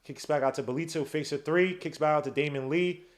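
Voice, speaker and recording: A man hosting a podcast, giving excited, slangy fan play-by-play of a game and teasing his co-hosts. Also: fairly high pitch, a little fast. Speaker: podcast host.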